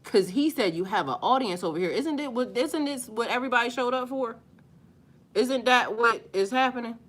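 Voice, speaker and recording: A middle-aged woman with a bright, sharp voice, chatting on a live stream. She answers her viewers with blunt, sassy comebacks. When something sets her off, she gets much louder and higher. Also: normal speed. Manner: sassy, blunt, talks back to commenters; rises loud and high when worked up. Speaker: spiritual live-stream host.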